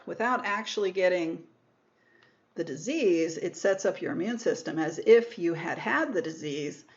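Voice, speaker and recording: On a lo-fi recording, a woman lectures on microbiology in a slightly mellow voice that sits on the low side. Her explanation goes step by step, with terms repeated and rephrased and occasional self-corrections.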